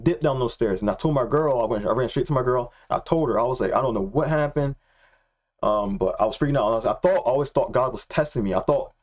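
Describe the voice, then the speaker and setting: A young man telling a personal faith story in a casual, excitable way, slangy and repeating himself. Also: mid-range voice, fast talker, few pauses. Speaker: Christian vlogger.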